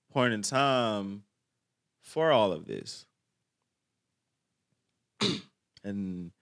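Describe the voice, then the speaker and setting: Low-voiced man in casual reaction commentary. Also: dry recording, clean studio sound. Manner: slangy, reflective, hesitant. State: clearing his throat often.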